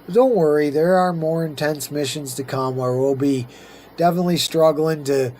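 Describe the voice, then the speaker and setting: A man's voice: a little high, moderate pace, darkish tone, slight background noise. A middle-aged man casually commenting on his own strategy gameplay, rambling and talking to himself as he plays. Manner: rambling, chatty, talks to himself while playing. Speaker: let's-play host.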